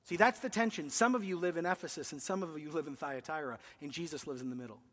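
A male pastor preaching a sermon, emphatic, swinging between loud declarations and hushed asides. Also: on the high side, fast talker, in a large hall. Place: church.

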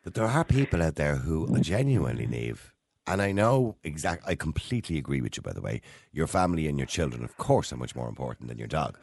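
A man's voice: a bass voice, very animated, a little fast, vocal fry, darkish tone, dry recording. An Irish man hosting a casual radio chat, playful and jokey, slipping into sung snippets. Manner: playful, jokey, sings snippets and breaks into bits. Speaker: radio host.

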